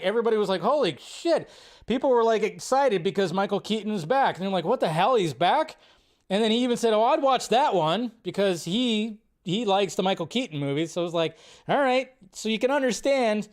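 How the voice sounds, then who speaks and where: Excitable rambling man reacting to a trailer. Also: high voice. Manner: excitable, rambling, swears freely. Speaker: host. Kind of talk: casual live-stream commentary.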